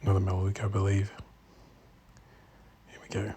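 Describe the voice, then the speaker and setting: A man giving a casual walk-through commentary in an indoor exhibition room, speaking in quiet, murmured remarks that often drop to a whisper. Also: sits low, completely flat delivery, brisk, a little hiss or hum. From Australia. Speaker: bonsai channel host.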